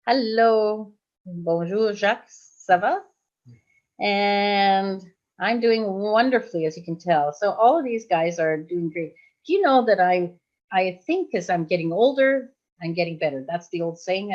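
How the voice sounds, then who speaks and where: A woman's voice: medium pitch, expressive, measured pace, a little mellow. A woman in her sixties from Belgium, a hypnosis trainer chatting casually on a livestream, rambling and often laughing. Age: 60s. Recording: dull lo-fi livestream audio.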